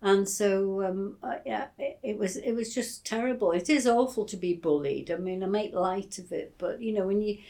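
A woman's voice: mid-range voice, moderate pace, hardly any pauses, warm tone. An older woman from England telling childhood memories in an oral history interview, hesitant and full of fillers, fond as she tells her stories. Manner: hesitant, many fillers and restarts; fond, storytelling.

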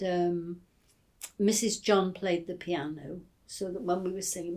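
A woman's voice: lowish voice, mellow. An older woman from England telling childhood memories in an oral history interview, hesitant and full of fillers, fond as she tells her stories. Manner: hesitant, many fillers and restarts; fond, storytelling.

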